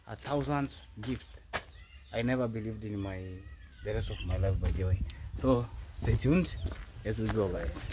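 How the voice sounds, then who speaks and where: A man's voice: lowish voice, noisy background. A young man vlogging outdoors at his rural family home, talking effusively and repeating his words. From Kenya. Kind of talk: casual vlog talk to camera. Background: chickens and a rooster.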